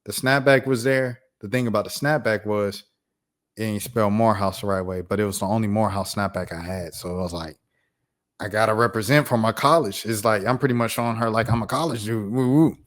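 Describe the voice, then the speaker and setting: A man around thirty telling a personal story on his vlog in a casual, slangy, animated way. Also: on the low side, brisk. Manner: animated, slangy, acts out voices. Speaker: YouTuber.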